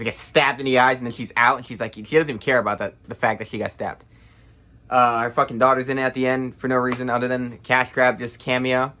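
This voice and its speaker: A man's voice: medium pitch, bright, forceful tone. A young man giving a casual, blunt and profane movie review rant, full of sarcasm.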